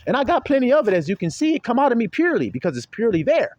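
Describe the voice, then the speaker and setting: Animated, slangy male preacher. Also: very fast, hardly any pauses, muffled recording. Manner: animated, slangy, often laughing, swings between low and high. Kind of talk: informal sermon to followers.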